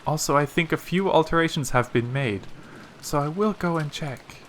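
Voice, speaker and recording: A man's voice: on the high side, normal speed, fairly bright tone, a little hiss or hum, close to an everyday voice. A man voicing a polite, timid young female maid, reading a visual novel aloud with humble, deferential speech.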